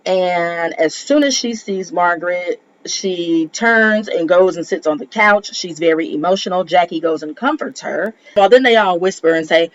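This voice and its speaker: A woman's voice: normal speed, dry recording, low-quality recording. Sassy woman recapping reality TV. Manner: chatty, sassy, jumps to high exclamations. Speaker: reality TV reviewer. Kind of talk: casual gossip recap commentary.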